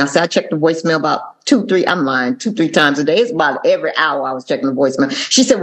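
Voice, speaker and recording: A woman from Atlanta, sharing her recovery story at a meeting with animated, sassy asides. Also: low-pitched, fairly quick. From Atlanta, Georgia. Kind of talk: personal testimony talk.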